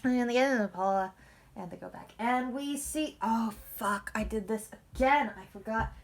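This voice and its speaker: A woman giving a casual, rambling recap of a TV episode, swinging between loud outbursts and whispers. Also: a little high, moderate pace. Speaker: video blogger recapping a TV episode.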